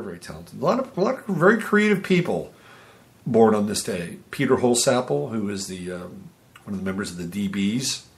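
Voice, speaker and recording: A man's voice: fairly low pitch, gravelly. A man hosting a podcast, casually reading through dates and birthdays, rambling and humming to himself between items. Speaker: podcast host.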